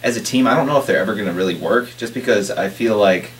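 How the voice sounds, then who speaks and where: A man's voice: fairly low pitch, fast. A man co-hosting a casual chat, easygoing and agreeable as he gives his opinions. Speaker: podcast co-host. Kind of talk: casual chat reviewing a wrestling show. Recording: distant mic with faint hum.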